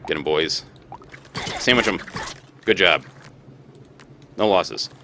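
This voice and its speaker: A man's voice: sits low, animated, slow pace, pushed and bright, slight background noise. A young man casually commenting on his own gameplay as a let's play host, thinking aloud and laughing often.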